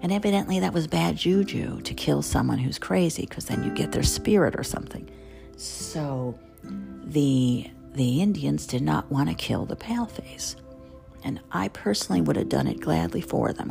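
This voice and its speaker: A woman in her fifties with a Southern-tinged New Jersey accent and a low, deeply gravelly voice. She is a chef hosting her own show, telling chatty, digressive stories with wry asides, over clearly audible music. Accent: Southern American over New Jersey. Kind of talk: rambling storytelling monologue.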